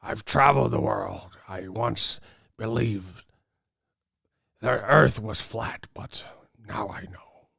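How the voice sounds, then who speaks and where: A man doing a gravelly old pirate drawl. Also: on the low side, takes it slowly, long pauses, fairly bright tone, dry recording, studio quality, exaggerated voice. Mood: mock pirate. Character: mocking impression of a boxer talking like a gravelly old male pirate.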